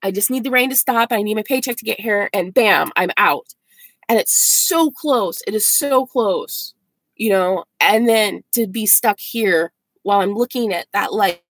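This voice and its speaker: A woman's voice: mid-range voice, a little slow, fairly bright tone, no echo. A woman in her forties, from the United States, chatting casually and rambling with viewers in a van-life vlog. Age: 40s. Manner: chatty and rambling, many likes and ums. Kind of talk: casual live chat with viewers.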